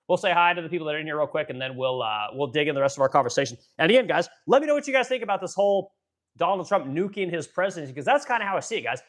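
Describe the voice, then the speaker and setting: Livestream host, male, 40s, from Missouri; profane, heated rant, somewhat high voice. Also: lively intonation, racing. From Missouri, USA. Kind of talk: political rant and chat reading.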